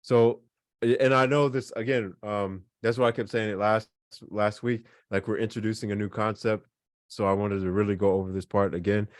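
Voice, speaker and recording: A man's voice: on the low side, steady tone, normal speed, no echo, studio quality. A man teaching a beginners' language class, explaining casually with lots of fillers and repeated examples. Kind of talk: online class lesson.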